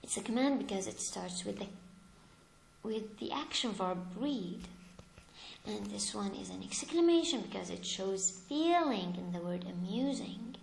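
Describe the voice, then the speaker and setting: A woman's voice: medium pitch, unhurried, vocal fry, a little hiss or hum. A woman teaching English grammar, asking her class questions and answering them herself as she explains each example. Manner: lively, stresses examples with rising emphasis. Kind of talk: slow, deliberate classroom explanation. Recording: echoey room.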